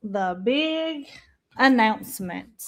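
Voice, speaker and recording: A woman hosting a casual livestream, chatting warmly to her viewers and calling them y'all. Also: fairly high pitch, animated, takes it slowly. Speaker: livestream host.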